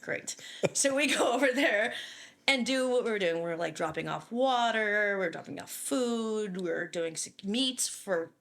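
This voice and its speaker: A woman in her forties, a retired Navy chief, telling a story in a casual chat, lively and laughing, acting out what people said and swearing freely. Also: medium pitch, measured pace, gravelly. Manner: animated, laughing, acts out quotes, swears freely. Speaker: podcast guest, retired Navy bomb disposal chief.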